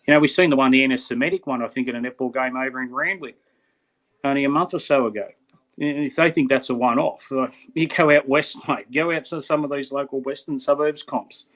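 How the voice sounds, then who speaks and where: A middle-aged Australian man with a mid-range, steady, slightly bright voice speaks fairly quickly. Co-hosting a casual podcast chat, he's blunt and impassioned, saying "mate" a lot.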